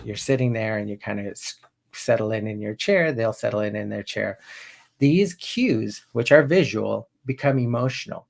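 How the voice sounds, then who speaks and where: Middle-aged male coach, gravelly voice, loose and rambling teaching delivery with lots of restarts. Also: on the low side. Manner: rambling, with frequent restarts and tag questions. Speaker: NLP coach. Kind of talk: informal teaching talk.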